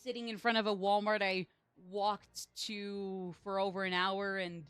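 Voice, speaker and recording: A woman's voice: mid-range voice, level tone, a little slow, a bit bright, smooth, no room sound, soft background music. Sleep-deprived young woman streamer rambling. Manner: rambling, self-deprecating. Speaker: game streamer. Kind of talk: casual live-stream chat.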